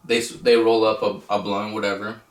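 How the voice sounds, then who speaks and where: A man's voice: on the low side, level tone, a little fast. Laid-back young man, echoey room. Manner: laid-back, hesitant storyteller with ums. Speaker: co-host. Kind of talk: casual storytelling chat. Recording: roomy echo, mic at a distance.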